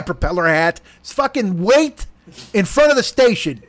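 Man, high voice, exasperated profane rant, mocking impressions, dry close sound. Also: lively intonation, brisk, fairly bright tone, no echo.

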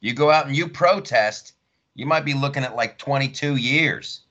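A man hosts a podcast in an easygoing, agreeable way. His voice sits at an ordinary pitch. The audio is somewhat dull. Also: moderate pace, bright, forceful tone. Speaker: podcast host. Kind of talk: casual interview talk.

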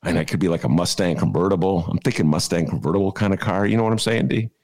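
This man hosts a podcast, and his low, slightly mellow voice moves quickly. He drifts from topic to topic in a jokey way, leaning on lots of filler "uh"s and chuckling at his own gags.

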